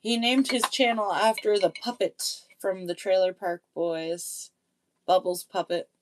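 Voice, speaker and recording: A woman hosting her own live stream, talking in an unhurried, easygoing way. She chats casually with viewers, pokes fun at herself and breaks into laughter often. Her voice sits at an ordinary middle pitch. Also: steady tone. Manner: chatty, self-deprecating, laughs often.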